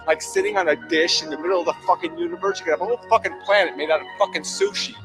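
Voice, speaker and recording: A man's voice: sits high, fast talker, hardly any pauses, over music, low-quality recording. A man delivering a furious, heavily profane monologue, berating his listeners. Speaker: commentator. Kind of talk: angry monologue rant.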